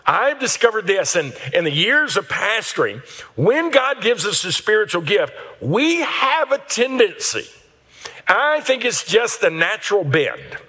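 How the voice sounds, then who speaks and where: A middle-aged man delivers a sermon as a pastor. His voice is bright and forward, and he is animated, slipping into character voices for the people in his stories. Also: sits high, unhurried.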